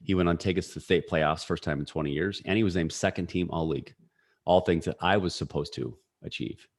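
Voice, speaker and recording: A man in his forties telling a personal story as a podcast guest, energetic and full of fillers. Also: low-pitched, a little fast. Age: 40s. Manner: energetic, story-driven talk with frequent fillers. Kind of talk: casual storytelling.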